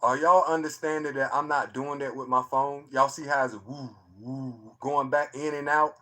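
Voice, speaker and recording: A man, excitedly commenting on his own phone footage for a live chat, repeating himself and tossing slang asides. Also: mid-range voice, moderate pace, few pauses. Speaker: streamer showing his own sky footage. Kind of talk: casual live-stream commentary.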